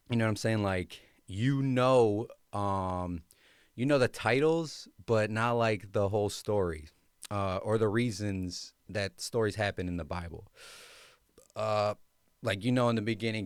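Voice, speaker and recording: A young man talks casually through his own story on a podcast, loose and slangy with plenty of ums and likes. His voice sits a bit low and comes across smooth and clean. The sound is dry and close, with no room echo. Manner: laid-back, slangy, many fillers. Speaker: podcast host.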